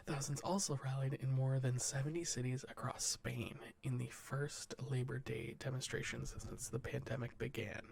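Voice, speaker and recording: A man softly reading the news into a close mic in a whispered, ASMR way, stumbling over words and breaking off for dry, jokey asides. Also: mid-range voice, steady tone, moderate pace, gravelly, hardly any pauses.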